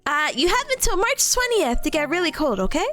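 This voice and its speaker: A bubbly, giggly American woman hosts a casual livestream chat with her viewers. Her voice sits high and swoops up and down a lot, with soft music playing faintly underneath. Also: very animated, brisk. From United States.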